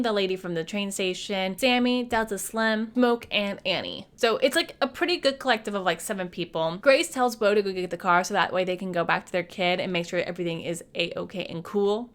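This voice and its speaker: Playful, slangy young woman reviewing films. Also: mid-range voice. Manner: animated, jumps between voices. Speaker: movie reviewer. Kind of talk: casual movie recap.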